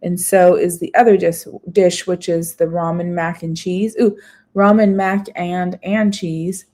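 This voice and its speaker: A woman's voice: fairly low pitch, flat delivery, measured pace, dark tone. A woman vlogger chatting casually on a live stream, reading menu items aloud with small asides. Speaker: food vlogger.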